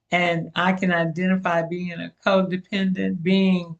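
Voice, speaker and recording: An older speaker gives a supportive reply in a group session. The speech is very slow and flat and halts now and then, and the sound is dull. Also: medium pitch, vocal fry. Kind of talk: supportive response. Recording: dull recording.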